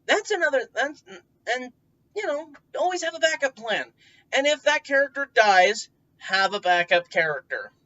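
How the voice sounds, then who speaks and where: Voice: high voice, sing-song, moderate pace, sharp tone. A tabletop game player casually giving advice in a rambling way, full of fillers, restarts and the odd swear word. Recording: dull distant recording.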